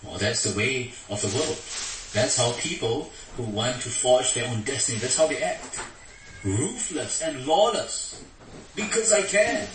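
A man's voice: measured pace, noisy background. A man preaching a sermon, acting out the quoted words in a raised voice. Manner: animated, acts out quotes with raised pitch. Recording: echoey hall from far off.

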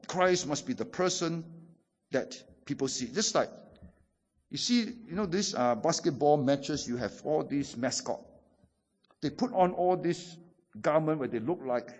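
A man's voice: a little high, darkish tone. A middle-aged man, preaching a sermon as a pastor, repeating key phrases for emphasis. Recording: dull sound with long hall reverb.

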